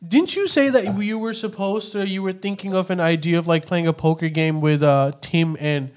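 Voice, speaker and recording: A man co-hosting a casual podcast, asking quick questions and laughing along. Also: high-pitched. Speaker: podcast co-host.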